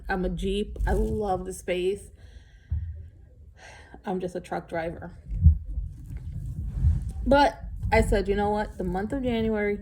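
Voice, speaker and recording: Middle-aged woman, unhurried casual vlogger, warm mellow tone, candid and a bit emotional. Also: mid-range voice, a little hiss or hum. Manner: rambling and candid, with sighs and laughs. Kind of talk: casual chat.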